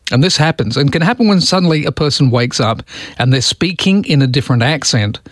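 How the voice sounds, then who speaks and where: A man's voice: mid-range voice, no echo. Guy on talk radio, chatty, lots of "isn't it?", dry studio sound. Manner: chatty, amused, full of rhetorical questions. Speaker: radio host. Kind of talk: casual radio chat.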